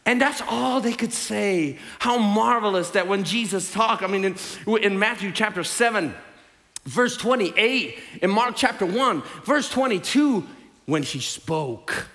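A Southern man from Tennessee preaches with a high, bright, ringing voice. He tells the story in an animated way, full of playful asides. A long reverb from a large hall trails his words. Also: a little slow. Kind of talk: lively sermon.

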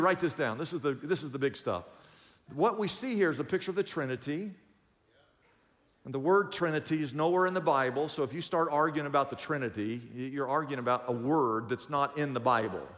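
A man's voice: a little high, in a large hall. A man preaching a sermon as pastor, talking straight to his congregation, asking them questions and telling them to write points down. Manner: animated preaching with call-outs to the congregation.

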